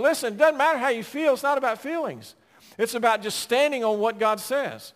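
A man's voice: sits high, sing-song, a little fast. Preaching man in a reverberant hall. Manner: swings from loud preaching to soft storytelling. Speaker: pastor. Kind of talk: sermon.

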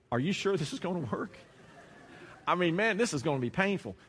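Emphatic preacher in a reverberant hall. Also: male voice, high voice, lively intonation, a little fast, slightly rough. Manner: swings from loud and emphatic to quiet and intimate. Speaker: pastor. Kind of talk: sermon. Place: church sanctuary. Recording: long reverb of a large hall.

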